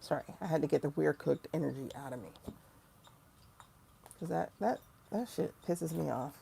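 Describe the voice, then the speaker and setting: A woman hosting a casual livestream tarot reading, chatty and animated, with sudden mocking asides to her viewers. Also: sits low, moderate pace, gravelly, slight background noise. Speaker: tarot reader and livestream host.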